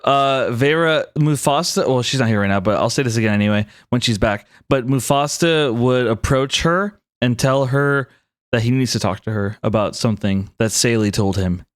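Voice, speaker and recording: A man running a tabletop game as game master, explaining what the characters do in a halting way with frequent restarts. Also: mid-range voice, no room sound, studio quality.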